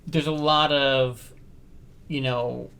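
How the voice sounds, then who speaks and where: A man's voice: mid-range voice, steady tone, slow, gravelly, a bit bright. A man in a casual podcast talk, speaking carefully and hedging, often repeating words while he thinks. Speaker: podcast co-host. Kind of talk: casual conversation.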